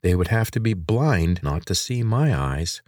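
A man's voice: low-pitched, big pitch swings, unhurried, a little mellow, no room sound, studio quality. A man voicing a sarcastic teenage girl. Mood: sarcastic, probing. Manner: blunt, sarcastic, defensive. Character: sharp-tongued teenage girl inventor.

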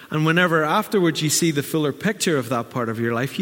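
Pastor preaching in reverb. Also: male voice, mid-range voice, quick pace, few pauses, fairly bright tone. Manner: earnest preaching with vivid acted asides. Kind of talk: sermon. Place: church hall. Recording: long reverb of a church hall.

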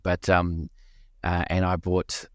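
A man co-hosting a podcast, chatting in a halting way. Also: low-pitched, completely flat delivery, no echo, clean studio sound. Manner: halting, full of fillers and restarts. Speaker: podcast co-host. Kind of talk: casual chat.

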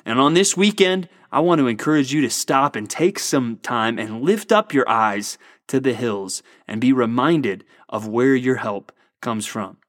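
A man giving an earnest, encouraging devotional, reading Bible passages slowly and warmly explaining them. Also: mid-range voice, no room sound, clean studio sound. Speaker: pastor. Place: Treasure Valley area, Idaho.

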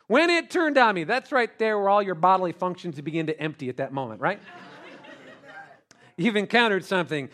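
High, bright-voiced animated male preacher. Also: a little fast. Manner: animated, joking, calls out to the congregation. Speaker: pastor. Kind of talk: sermon.

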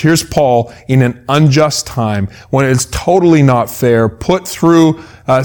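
A man's voice: mid-range voice, darkish tone. A man preaching a sermon in a conversational way, often repeating words as he starts a phrase. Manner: acts out quoted voices in asides. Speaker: pastor.

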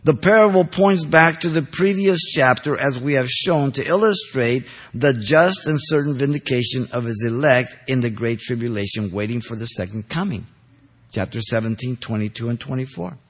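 A man preaching an expository sermon, stressing key phrases loudly and then dropping low, pausing to ask listeners if they are following. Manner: asks the congregation checking questions.

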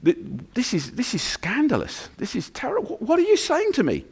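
A man's voice: huge pitch swings, fairly quick, a little mellow, husky, heavily acted. A man voicing a shocked young husband-to-be, who stammers out short, disbelieving questions. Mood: incredulous. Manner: high, incredulous, stammering repeats.

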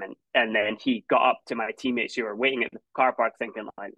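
A Scottish man in his thirties chats as an interview guest, often stopping and restarting his sentences. The recording is dry and close, with no room sound. His pitch sits in a middling range for a man. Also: fairly even intonation, quick pace, few pauses, no room sound, phone-quality sound. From Scotland. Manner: rambling with many restarts and fillers. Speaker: guest, former college runner. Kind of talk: casual interview conversation.

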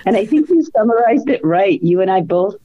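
A woman guest in a casual interview, speaking warmly and reflectively. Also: mid-range voice, lively intonation, brisk, dry recording. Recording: dry, dull sound.

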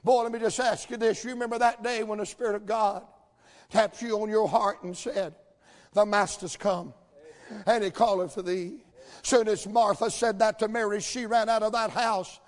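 A man preaching a folksy sermon in a church, telling the story with energy and building to shouts. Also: sits high, flat delivery, normal speed. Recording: long hall reverb.

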